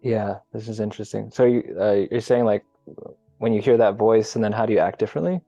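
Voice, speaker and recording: A man on a group call who talks calmly and reflectively, explaining his ideas at length over muffled lo-fi call audio. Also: on the low side, brisk, creaky, dry recording, faint music behind. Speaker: call participant. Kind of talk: casual group video call chat.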